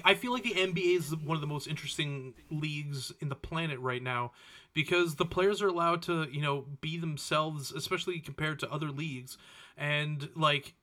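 A man's voice: on the high side, pushed and bright. A man co-hosting a podcast in casual chat, often hesitating and restarting his sentences. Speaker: podcast co-host.

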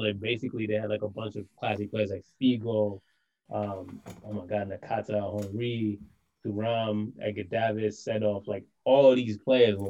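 A man's voice: on the low side, muffled recording. A man guesting on a podcast, telling stories in casual chat and packing his talk with fillers. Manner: animated, filler-heavy storytelling. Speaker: podcast guest, soccer show host.

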